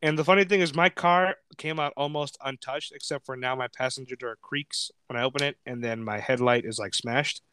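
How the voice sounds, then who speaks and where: A man's voice: mid-range voice, a little fast, hardly any pauses, bright, forceful tone, clean tone, dry recording. A man in his twenties hosting a podcast, telling a rambling story in casual chat, swearing often and filling with "like". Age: 20s. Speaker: podcast host.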